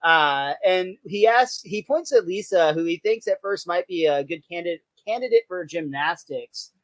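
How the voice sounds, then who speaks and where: A podcast host recapping a cartoon episode in a relaxed, chatty way, laughing often. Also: mid-range voice, normal speed, dry recording. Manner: relaxed, lots of uh fillers, laughs easily. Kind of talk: casual episode recap chat.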